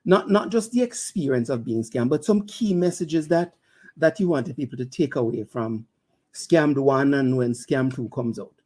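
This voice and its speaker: An older man with a Jamaican accent hosts a casual interview. He jokes easily and stammers through restarts. His questions come out in a relaxed, conversational way. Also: medium pitch, normal speed. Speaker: interview host.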